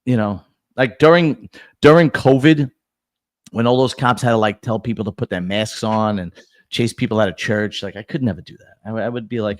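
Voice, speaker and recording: New host, relaxed talker, dry close mic. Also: male voice, fairly low pitch, fairly quick, no room sound. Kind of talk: casual chat.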